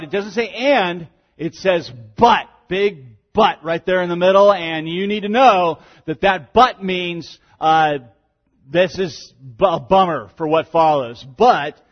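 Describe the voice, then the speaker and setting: Husky, emphatic preacher. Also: male voice, on the high side, muffled recording. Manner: emphatic, swelling loud on key words, with conversational fillers. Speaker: pastor. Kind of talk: sermon with scripture reading.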